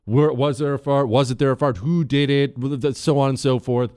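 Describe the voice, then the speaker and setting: Talk radio host, male, animated and wisecracking, close dry studio mic. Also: medium pitch, moderate pace, smooth, no echo. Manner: animated, joking, mock-indignant. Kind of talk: talk radio monologue and reading listener emails.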